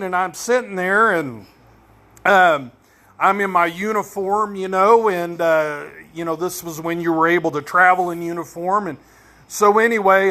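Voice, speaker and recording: Bright-voiced man telling a rambling joke. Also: high voice. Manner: rambling, folksy, lots of fillers. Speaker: storyteller.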